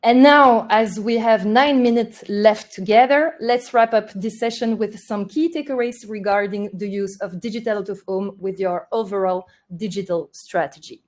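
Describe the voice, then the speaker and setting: A woman presenting a marketing webinar, delivering points in a steady, list-like way. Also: mid-range voice, moderate pace, hardly any pauses. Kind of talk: presenting a webinar, partly read.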